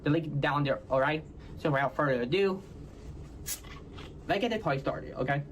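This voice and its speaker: Halting Texan man with unclear diction. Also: fairly high pitch, a little hiss or hum. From Houston, Texas. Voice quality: hard-to-follow diction. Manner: halting, ends nearly every phrase with "all right, y'all?". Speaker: content creator in a played clip. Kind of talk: casual self-explaining talk to viewers.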